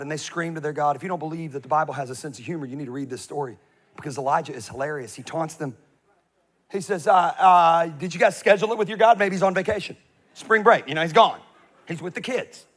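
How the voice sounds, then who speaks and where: Male pastor, high-pitched, funny animated sermon storyteller, shifts between loud punches and soft asides. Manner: swings from loud emphasis to quiet asides.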